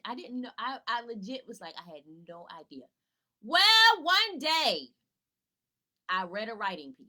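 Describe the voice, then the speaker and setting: A woman's voice: mid-range voice, sing-song, takes it slowly, pauses often, sharp tone, low-quality recording. A woman tutor giving a casual live teaching talk to parents from home, asking rhetorical questions and answering them herself. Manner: casual, chatty, greets viewers by name. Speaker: tutor and educator.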